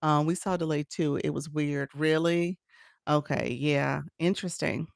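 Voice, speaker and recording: A woman's voice: sits low, fairly even intonation, a little slow, gravelly, dry recording, clean studio sound. A woman coach chatting with viewers on a live stream, laughing often and greeting people by name, speaking into a phone. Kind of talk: casual TikTok live chat.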